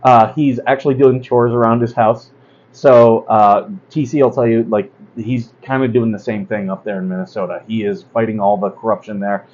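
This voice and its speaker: A man's voice: on the low side, level tone, moderate pace, darkish tone, highs cut off. A man hosting a casual livestream talk, blunt and rambling, with many fillers and asides. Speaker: host.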